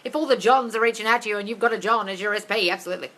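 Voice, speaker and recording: A woman coaching viewers on a livestream, reading their questions and answering in a blunt, sweary, ranting way that often turns to yelling. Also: medium pitch, rapid-fire, rough recording. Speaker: manifesting coach answering live chat questions. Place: home desk area. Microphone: livestream on phone or computer.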